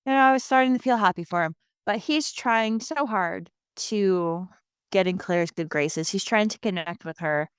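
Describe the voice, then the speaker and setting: A woman with a New Jersey accent hosting a podcast, recapping an episode in a chatty, sarcastic way with animated asides. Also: medium pitch, moderate pace, clean tone, no room sound, clean studio sound. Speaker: podcast host. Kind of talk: casual episode recap chat.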